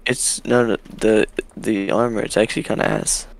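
A man's voice: lowish voice, flat delivery, normal speed, gravelly. A young man streaming a video game, grumbling and swearing at the game as he plays. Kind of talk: casual gaming stream talk.

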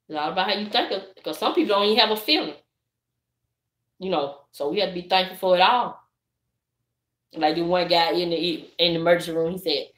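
A middle-aged woman with a Southern accent, chatting live and preaching to her viewers in a lively, direct way. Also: medium pitch, roomy sound. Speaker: vlogger. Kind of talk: casual live-stream chat.

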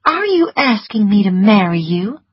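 Lady doing a fiery young belle, shrill and high, breathy, dry slightly dull recording. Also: sing-song, moderate pace, no echo. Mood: indignant. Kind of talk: audiobook dialogue. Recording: dry, slightly muffled studio audio.

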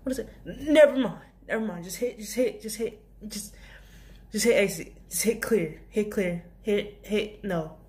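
A woman's voice: medium pitch, measured pace, darkish tone. A young woman vlogger telling a casual storytime about her job, rambling with many restarts and asides. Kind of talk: storytime vlog.

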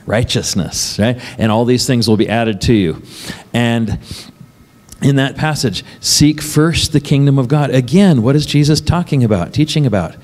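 A man preaches a sermon as pastor, talking conversationally and tossing questions to the congregation. He laughs often between points. His voice sits at a middle pitch and rings with a long reverb in the church hall. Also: normal speed, darkish tone.

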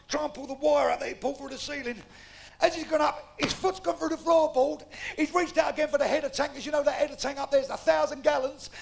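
A man's voice: extremely high pitch, creaky. A man with a Cockney accent doing live stand-up, rattling off long jokes and acting out the people in them. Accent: London Cockney. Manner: rapid storytelling, acts out characters in his jokes. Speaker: stand-up comedian. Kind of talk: live stand-up joke telling. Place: theatre stage. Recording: live show with faint audience noise.

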